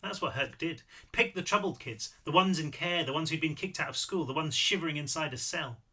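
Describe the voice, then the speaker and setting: A man reads his own novel aloud with lively, animated delivery and now and then breaks off for a casual aside. His voice is a little higher than most men's, with a very bright, sharp tone. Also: fairly quick. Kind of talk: audiobook read-through with asides.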